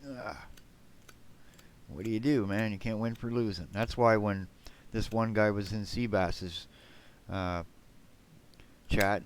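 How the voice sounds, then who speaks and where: A man's voice: lowish voice, slight background noise. A man streaming a game live, rambling bluntly to his chat, swearing and tagging his remarks with "man" and "right?". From Canada.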